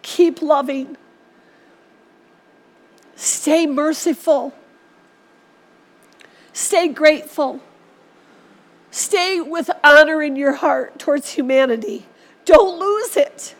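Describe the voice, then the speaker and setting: Woman preaching in church, high voice, earnest and exhorting. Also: expressive, slow pace, pauses often. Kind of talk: sermon.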